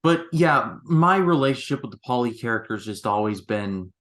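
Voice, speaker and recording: A man hosting a casual film review chat, animated and quick with asides. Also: mid-range voice. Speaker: film review podcast host.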